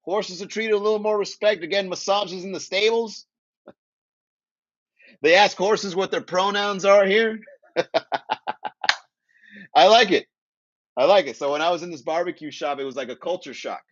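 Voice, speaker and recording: A man's voice: high-pitched, steady tone, moderate pace, no room sound, dull audio. A man from Miami hosting a casual comedy livestream, joking and chatting with viewers, laughing at his own jokes. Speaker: comedy podcast host.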